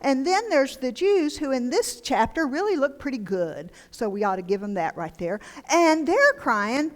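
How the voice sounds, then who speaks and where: An older woman delivers a lively, joking sermon in a church, her voice set a little high. She swings between animated storytelling and hushed, near-whispered lines. A long reverb trails her words through the hall. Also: moderate pace, few pauses. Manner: animated and humorous, dropping to near-whispers for emphasis. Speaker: guest preacher. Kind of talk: conversational sermon. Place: church sanctuary. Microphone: handheld microphone.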